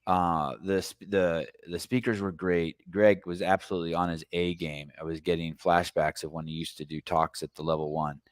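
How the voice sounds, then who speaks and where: Podcast host, middle-aged man, very low voice, dry close sound, rambling storyteller. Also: little pitch movement, moderate pace, hardly any pauses, no echo. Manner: rambling storytelling, swears casually. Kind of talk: casual chat.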